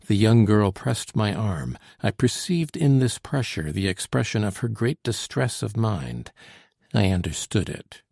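Low gravelly male storyteller. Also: big pitch swings, darkish tone, no room sound, studio quality. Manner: measured, old-fashioned storytelling. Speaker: narrator. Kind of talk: scripted narration of a classic novel.

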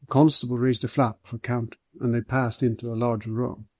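A man narrates a novel in a steady, measured reading. His voice is husky and mellow, recorded close in a dry room. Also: mid-range voice, no room sound. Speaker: audiobook narrator. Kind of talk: scripted narration.

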